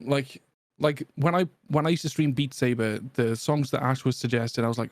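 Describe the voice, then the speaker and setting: A man's voice: medium pitch, normal speed, no room sound. A man co-hosting a casual gaming podcast, joking and swearing between laughs. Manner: joking, profane, laughs often. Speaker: podcast co-host. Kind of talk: casual banter among friends.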